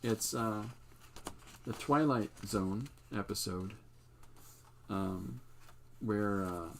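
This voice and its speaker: An older man who hosts his own art channel, casually showing his pages in a relaxed, meandering, self-amused way. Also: lowish voice, drawn-out words, slight background noise. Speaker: artist and channel host. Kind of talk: casual show-and-tell livestream.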